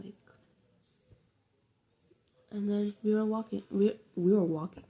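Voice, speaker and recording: A woman's voice: medium pitch, steady tone, a little slow, pauses often, mellow. A young woman telling a rambling, slangy, profane story in a casual vlog. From New York City. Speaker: vlogger.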